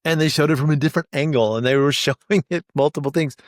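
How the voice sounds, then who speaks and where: A man's voice: fairly high pitch, fast, dry recording, studio quality. A man hosting a podcast as a casual monologue, rambling and self-deprecating, with frequent restarts and light laughs. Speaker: podcast host.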